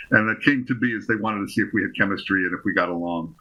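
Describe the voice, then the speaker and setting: A man being interviewed as a guest actor, rambling through affectionate anecdotes in a relaxed chat. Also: lowish voice, rapid-fire, few pauses, rough recording.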